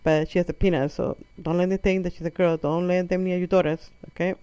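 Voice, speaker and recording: Woman comic, non-native English accent, rambling self-correcting storyteller, mellow tone, lo-fi close sound. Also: lowish voice, flat delivery, quick pace, clear, resonant tone, no room sound. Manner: rambling, self-correcting, acts out her mother's lines. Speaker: comedic storyteller. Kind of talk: comic monologue. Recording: muffled lo-fi audio.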